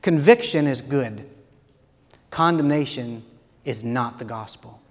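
A man preaching a sermon as a pastor, earnest, moving from quiet reflection to loud, impassioned appeals. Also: mid-range voice, slow, in a large hall.

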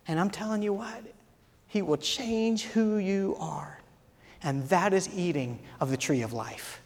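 A man preaching a sermon as a pastor, earnest, moving from quiet reflection to loud, impassioned appeals. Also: high voice, lively intonation, a little slow, big-room sound.

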